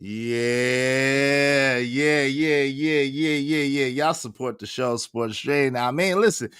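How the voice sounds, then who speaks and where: A man hosting a livestream, chatting casually with an animated, slangy delivery and rhythmic shout-outs to the chat. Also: medium pitch, slow pace, clear, resonant tone, no echo. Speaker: livestream host.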